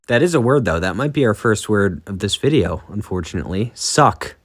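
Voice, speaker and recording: A man playing a quick word game on camera, teasing his partner in a playful way. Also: fairly low pitch. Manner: teasing and playful, lively delivery.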